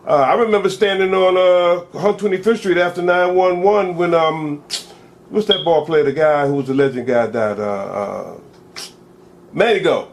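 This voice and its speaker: This is a man co-hosting a casual talk show, his voice sitting high for a man. He tells stories in a loose, rambling way, full of slang and rhetorical questions. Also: normal speed, slight background noise. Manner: animated, storytelling, rambling with slang. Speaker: co-host.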